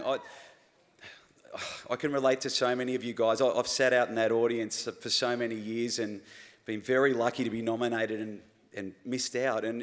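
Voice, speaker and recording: An Australian man at a stage mic, emotional and stumbling as he gives an acceptance speech, his voice sitting in a mid pitch. A long reverb from a large hall trails after his words, with faint crowd sounds underneath. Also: fairly bright tone. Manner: overwhelmed, stumbling and repeating words, heartfelt. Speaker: award winner giving acceptance speech. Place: large awards hall with live audience.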